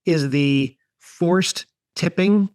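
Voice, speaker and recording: A man's voice: fairly high pitch, extremely slow, a little mellow, no room sound. A man guesting on a casual podcast, complaining in a dry, wry tone. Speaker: guest author. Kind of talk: casual chat.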